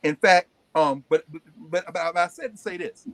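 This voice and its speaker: A man's voice: high voice, moderate pace, no echo. A man hosting a live class, talking emphatically and often repeating words as he builds a point. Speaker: host and lecturer. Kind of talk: animated classroom talk.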